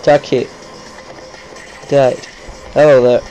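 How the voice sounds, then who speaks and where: Slow, cursing gamer man. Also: medium pitch, little pitch movement, warm tone, rough recording. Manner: cursing, grumbling running commentary. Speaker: gameplay commentator. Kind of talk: live gameplay commentary.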